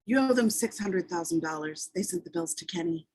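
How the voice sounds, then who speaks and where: A woman's voice: fairly low pitch, animated, brisk, darkish tone, husky. A woman reading the part of a harried male talent agent in an amateur script table read, hurrying and stumbling over bad news.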